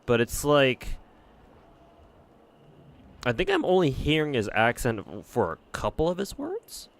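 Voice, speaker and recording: A man's voice: medium pitch, huge pitch swings, a little slow, gravelly. A man streaming a game, rambling casually and swearing freely as he reacts. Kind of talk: casual gameplay commentary.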